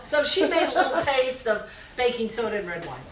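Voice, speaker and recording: A middle-aged woman performing a storytelling comedy set, often laughing at her own story and shouting out other people's lines. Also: sits high, big pitch swings, brisk. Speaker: stand-up comedian. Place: small live music venue. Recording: echoey room, distant mic, faint noise.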